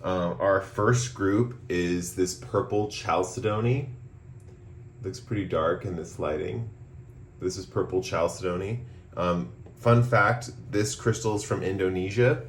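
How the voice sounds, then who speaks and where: A man with a very deep, hoarse voice, worn down by a recent cough. He leads a casual tarot reading in a loose, rambling way, full of ums and pauses. A faint hiss sits under his voice. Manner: relaxed, rambling, many ums. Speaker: tarot reader.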